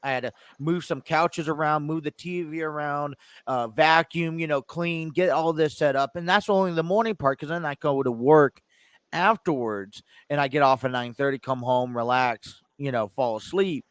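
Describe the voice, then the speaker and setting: A man's voice: on the high side, normal speed, clean tone, no echo. A man hosting his own sports talk podcast from a home studio, chatting casually with many fillers and restarts, a bit stuffy. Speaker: podcast host. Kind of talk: casual chat.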